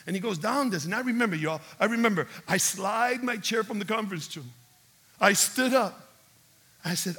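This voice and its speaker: A male pastor preaching a sermon as a dramatic storyteller, swinging from hushed talk to shouting. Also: high-pitched, lively intonation, a little fast, husky.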